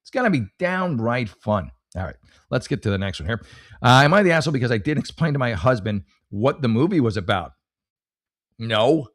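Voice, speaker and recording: This middle-aged comedy podcast host tells meandering stories full of swearing and false starts in a loose comedic monologue. He speaks briskly at a medium pitch with an expressive delivery.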